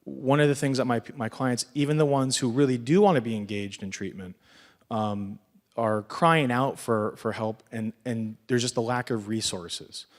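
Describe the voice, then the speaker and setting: A man, an assistant public defender asking a panel a question, speaking nervously with halting restarts, heard from a distant mic. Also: mid-range voice.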